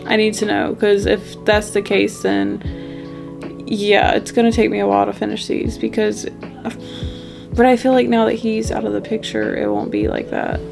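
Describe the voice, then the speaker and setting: A woman's voice: mid-range voice, animated, normal speed, creaky, over music. Emotional young woman book vlogger. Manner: emotional, swearing, gushing. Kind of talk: casual reading vlog.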